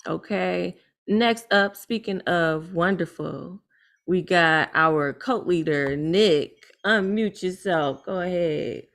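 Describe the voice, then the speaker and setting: Woman, American, low voice, gravelly, upbeat open mic host. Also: slow, a bit bright. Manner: upbeat, playful slang. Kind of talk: hosting an online open mic.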